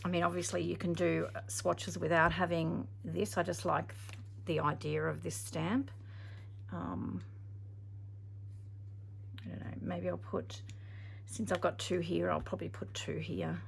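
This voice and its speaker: A woman's voice: fairly low pitch, flat delivery, measured pace, creaky, pauses often, a little hiss or hum. A woman narrating a casual craft tutorial, chatty and thinking aloud with frequent ums. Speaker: craft video maker.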